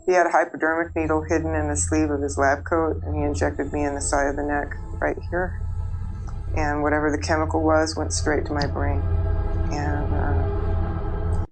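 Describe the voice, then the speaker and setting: A woman with a low, level voice tells her story as personal testimony. She speaks haltingly, with frequent pauses and fillers. Faint music plays underneath. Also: poor audio. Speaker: interviewee.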